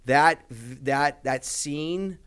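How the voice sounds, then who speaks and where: A man's voice: fairly high pitch, extremely slow, fairly bright tone, clean tone. A young man, a podcast guest in casual talk, rambling with many fillers and heavy swearing.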